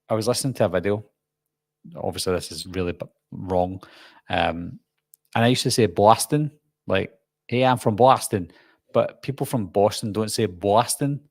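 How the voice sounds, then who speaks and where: A man's voice: fairly low pitch, darkish tone, no echo, studio quality. A Scottish man hosting a live-stream Q&A, chatting in a rambling, self-deprecating way. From Scotland. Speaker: horror channel host.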